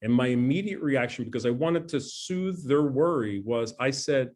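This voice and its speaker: A man's voice: mid-range voice, lively intonation, normal speed, darkish tone. A middle-aged scientist giving a talk over a video call from his dining room. He speaks in a conversational, earnest way, with a mid-range voice and a self-deprecating touch. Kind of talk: presentation talk.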